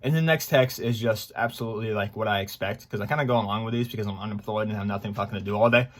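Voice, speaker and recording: A man's voice: lowish voice, rapid-fire. Rambling young man vlogging. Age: 20s. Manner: rambling, excitable, heavy on fillers. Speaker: gaming YouTuber. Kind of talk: casual vlog chat.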